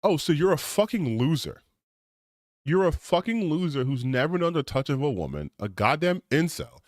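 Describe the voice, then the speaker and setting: A man's voice: a little high, big pitch swings, normal speed, dry recording, clean studio sound. A man ranting on a gaming stream, reading out comments and reacting with heated, sarcastic, profane commentary. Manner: heated, sarcastic, swears often.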